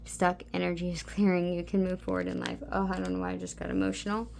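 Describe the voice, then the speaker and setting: Gravelly low-voiced woman doing a tarot reading, kinda flat and soft, faint hiss behind. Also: fast. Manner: soft, intimate, meandering with many "like" and "okay". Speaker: tarot card reader. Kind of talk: spiritual pick-a-card reading.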